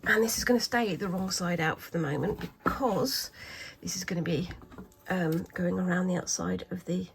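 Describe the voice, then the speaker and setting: A woman chatting casually while sewing for a craft vlog, thinking aloud with many pauses and fillers, sometimes dropping into a soft half-whisper. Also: fairly low pitch, vocal fry, noisy background. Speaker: craft vlogger. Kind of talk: casual craft tutorial chat.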